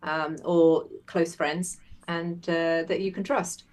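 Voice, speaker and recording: A woman from Wales, a will writer, explaining things in a measured way as a guest on a chat. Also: fairly low pitch, fairly even intonation, a little mellow. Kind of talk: casual chat.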